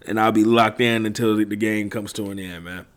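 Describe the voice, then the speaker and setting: A man's voice: on the low side, steady tone, brisk, clear, resonant tone. Hyped-up man hosting a sports podcast. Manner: hype, slangy, repeats "man" and "y'all". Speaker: podcast host. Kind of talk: hyped-up solo podcast intro.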